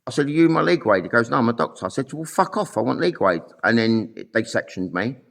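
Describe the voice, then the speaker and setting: A man's voice: mid-range voice, big pitch swings, fast, gravelly, fairly bright tone. A middle-aged man telling his own story in a blunt, sweary, rambling monologue full of fillers. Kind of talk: angry monologue to camera.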